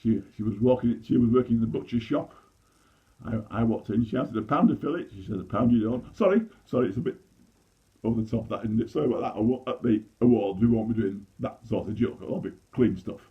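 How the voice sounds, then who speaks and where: An amateur comedian in his sixties from Leeds, England, with a Yorkshire accent, delivers a chatty, self-mocking stand-up monologue full of restarts. His voice is fairly low and brisk, and the audio sounds dull.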